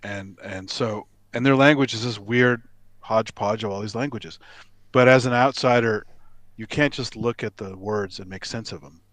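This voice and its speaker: Casual American man in conversation, animated, dry recording. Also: on the low side, moderate pace, dry recording. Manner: animated storyteller, mimics other accents for fun. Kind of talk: casual chat.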